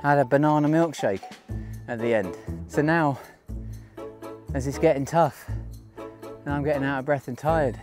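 A man talking casually to the camera while hiking outdoors on a mountain trail, thinking aloud and joking at his own expense. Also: mid-range voice. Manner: chatty, thinking aloud, self-mocking. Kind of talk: casual walking vlog.

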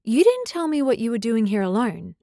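In a fairly high voice that stays near her everyday voice, a woman brings an audiobook's young werewolf girl to life: impulsive, talkative, and clumsy. The delivery is fast, excited, and full of apology, in a dry, studio-quality recording.

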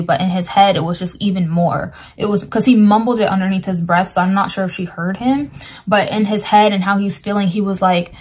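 A woman's voice: medium pitch, brisk. A woman casually retelling a dream, talking in loose, rambling sentences full of "like", and earnestly explaining its meaning with scripture. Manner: rambling, lots of "like" fillers. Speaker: Christian dream sharer.

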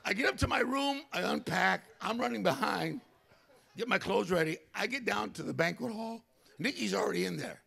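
An older male pastor telling a story during a sermon, animated, acting out other people's voices. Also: high voice, normal speed, creaky, slightly rough. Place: church.

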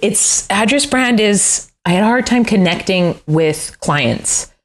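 A woman's voice: mid-range voice, animated, takes it slowly. A middle-aged woman, a furniture designer, chatting candidly in an interview, self-deprecating and often laughing. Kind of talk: casual interview chat.

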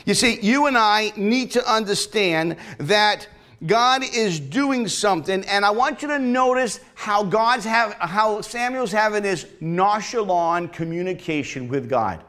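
A man's voice: sits high, animated, a little slow, sharp tone. A male pastor preaching a sermon in a church, talking conversationally and calling on the congregation to answer back. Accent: regional accent. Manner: conversational preaching with call-and-response. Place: church sanctuary.

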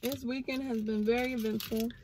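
A young woman co-hosting a vlog, chatting in a relaxed, frank way. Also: a little high, fairly quick, slight background noise, poor audio. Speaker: vlog co-host. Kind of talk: casual chat.

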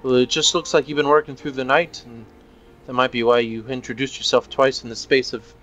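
A man's voice: mid-range voice, level tone, fairly quick, fairly bright tone, dull audio, faint music behind, natural voice. A man voicing a wry Irish drifter in an Old West town, with a put-on Irish accent.

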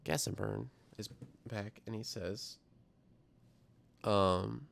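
A man's voice: fairly low pitch, normal speed, vocal fry. A young man hosting a science livestream, chatting casually and rambling as he reads viewer comments aloud. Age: young adult. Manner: rambling, reads chat aloud, self-deprecating. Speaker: livestream science show host.

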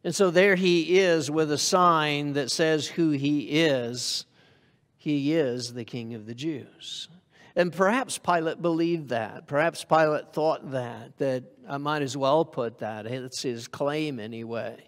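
A man's voice: on the high side, slow pace, fairly bright tone. Male preacher in a reverberant church hall. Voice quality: conversational, asks the congregation questions. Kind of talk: sermon.

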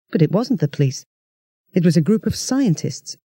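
Mellow, dry storyteller. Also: medium pitch, lively intonation, moderate pace, husky, no room sound. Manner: chatty first-person storytelling. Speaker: audiobook narrator. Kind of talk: children's story narration.

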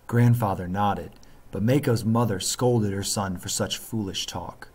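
A man reading a story aloud as a teacher, with steady narration and pauses to think aloud about the plot. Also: sits low, slightly rough. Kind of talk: classroom read-aloud.

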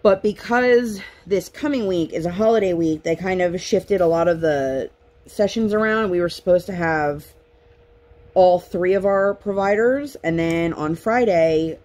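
A craft vlogger in her thirties chats casually at home while crafting, rambling through her week. Her voice is lowish and a little slow, and she tells her stories in a lively, chatty way.

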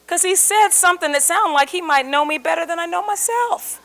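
A woman's voice: extremely high pitch, a little fast, gravelly. A woman giving a live seminar talk to an audience, telling a story and acting out the voices in it. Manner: animated storyteller, acts out quoted voices. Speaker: communication speaker.

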